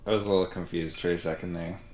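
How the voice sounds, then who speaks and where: A man with a fairly low voice chats casually over a voice call. He is teasing and playful and quickly pokes fun at the people he is talking to. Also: steady tone, a little hiss or hum.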